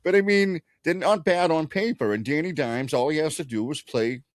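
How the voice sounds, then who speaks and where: A man's voice: on the high side, normal speed, no echo, studio quality. A man co-hosting a casual sports podcast, rambling through loose, profane analysis and laughing often. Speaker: podcast co-host.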